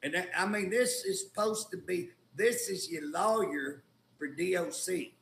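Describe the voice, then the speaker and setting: Folksy indignant Oklahoma man, gravelly. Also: high voice, measured pace, fairly bright tone, reverberant, slight background noise. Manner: folksy, indignant storytelling with colloquial grammar. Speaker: state legislator, guest. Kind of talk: casual talk show conversation.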